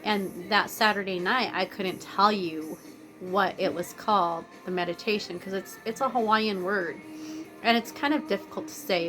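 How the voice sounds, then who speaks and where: A woman vlogger chatting casually, rambling and drifting off topic, blunt and swearing freely. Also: mid-range voice. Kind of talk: casual chat. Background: faint music playing.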